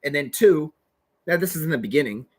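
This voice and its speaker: A man's voice: a little high, expressive, fairly quick. A man giving an agitated, rambling monologue as a vlogger, swearing heavily. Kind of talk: profane ranting monologue.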